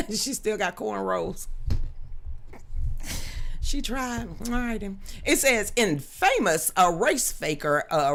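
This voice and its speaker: Give me a woman hosting a casual live stream. She is loud, blunt and quick to joke, and she swears freely. Her voice is bright and edgy and swings widely up and down. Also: medium pitch. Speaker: livestream host. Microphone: studio microphone with a level meter.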